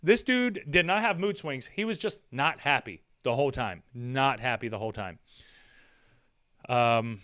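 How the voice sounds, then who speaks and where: Bright-voiced man rambling casually. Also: medium pitch, animated, measured pace, no room sound, clean studio sound. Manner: rambling, repeats himself, swears casually. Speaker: livestream host.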